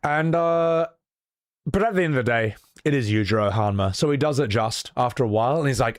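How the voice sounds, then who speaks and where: A man hosting a casual livestream, telling a story in an animated way with lots of fillers. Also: mid-range voice, normal speed, no echo, studio quality. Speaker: show host.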